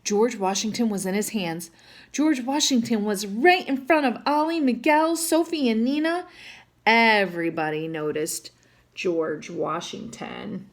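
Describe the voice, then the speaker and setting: Woman storyteller reading a children's book, high lively voice, unhurried, chatty asides. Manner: adds chatty asides to the listener.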